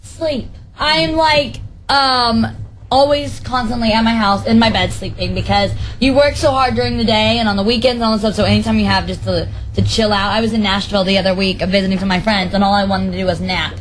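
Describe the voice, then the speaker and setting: A woman's voice: mid-range voice, fairly even intonation, a little fast, slight background noise, poor audio. Chatty young woman answering callers. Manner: bubbly, chatty, with many "like" and "um" fillers. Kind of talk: casual chat.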